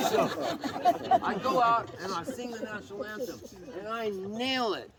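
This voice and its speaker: A high-pitched man spins a rambling story at an outdoor festival campfire jam. He laughs as he goes and slips into other people's voices. A loud crowd and heavy festival noise sit all around him. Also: sing-song, moderate pace. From Canada. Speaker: singer-songwriter telling a story. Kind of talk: animated onstage storytelling.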